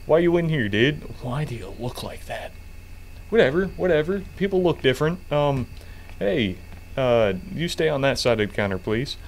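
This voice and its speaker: A man narrating his gameplay in an even, mid-pitched voice. He is sarcastic and jokey, and he swears casually as he goes. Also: moderate pace, a little hiss or hum. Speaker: gamer. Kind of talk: game commentary.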